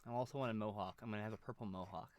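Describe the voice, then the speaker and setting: A man's voice: lowish voice, steady tone, very fast. A man chatting casually on a live art stream, rambling, restarting sentences and swearing offhand. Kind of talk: casual chat while drawing on stream.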